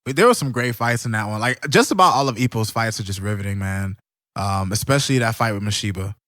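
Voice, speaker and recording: A young man co-hosting a casual anime podcast, telling stories excitedly with lots of slang and swearing. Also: fairly low pitch, quick pace, dry recording, studio quality. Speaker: podcast co-host. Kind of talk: casual chat.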